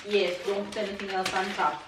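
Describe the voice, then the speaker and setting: A woman's voice: mid-range voice, flat delivery, a little fast. A woman in her thirties with a Jamaican accent, chatting and laughing as she unpacks groceries in a family vlog. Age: 30s. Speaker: vlogger. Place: home kitchen. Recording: echoey kitchen, far from mic, background noise.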